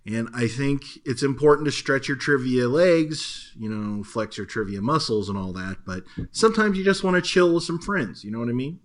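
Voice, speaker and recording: A man's voice: medium pitch, expressive, normal speed, few pauses. A man co-hosting a casual trivia podcast, joking and laughing often as he explains the rules. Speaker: podcast co-host. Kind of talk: casual chat.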